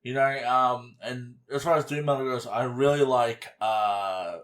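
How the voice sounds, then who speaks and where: A man's voice: mid-range voice, fairly even intonation, measured pace. A man, co-hosting a podcast and reviewing an album in casual, rambling chat with casual swearing. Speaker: podcast co-host.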